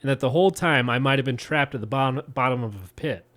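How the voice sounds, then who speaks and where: A man's voice: medium pitch, fast talker, a bit bright. A man co-hosting a podcast, chatting in a laid-back, wry way and swearing freely. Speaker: podcast co-host. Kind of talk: casual podcast chat.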